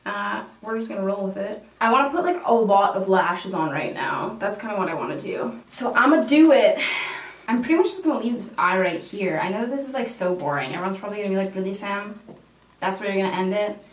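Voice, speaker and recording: A woman's voice: mid-range voice, animated, a little fast. A young woman vlogger telling a story in casual chat while doing her makeup, swearing freely. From Canada. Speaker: beauty vlogger. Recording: roomy echo from a distant mic.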